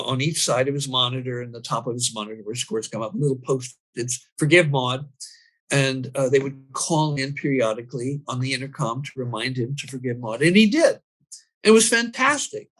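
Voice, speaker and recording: A man's voice: mid-range voice, normal speed, fairly bright tone. A man explaining his training method and telling a story about a client, acting out his own lines as he goes.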